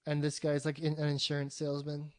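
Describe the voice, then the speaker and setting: Podcast guy, kinda high voice, swears constantly, super animated, acts out his reactions. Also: fast. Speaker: podcast co-host. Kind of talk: casual chat.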